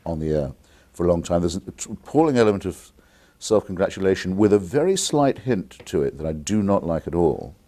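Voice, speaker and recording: A man's voice: low-pitched, expressive, brisk, mellow. A man in his fifties from England with an English accent, a guest on a call-in interview, articulate and combative, with frequent restarts. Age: 50s. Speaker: interview guest taking viewer calls.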